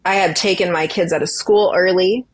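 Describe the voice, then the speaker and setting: A woman's voice: fairly low pitch, fairly even intonation, normal speed, dry recording. A woman guest telling running stories in a casual interview, chatty and often laughing. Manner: chatty storytelling, frequent laughter. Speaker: guest, ultra runner.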